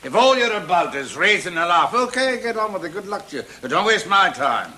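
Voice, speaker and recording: Eddie Waters, a bright-voiced stern comic teacher. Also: male voice, high-pitched, sing-song, slight background noise, full character voice. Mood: lecturing. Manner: deliberate, cutting, lecturing. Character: stern veteran male comic teaching a night class. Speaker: comedy teacher. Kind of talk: 1970s television drama acting.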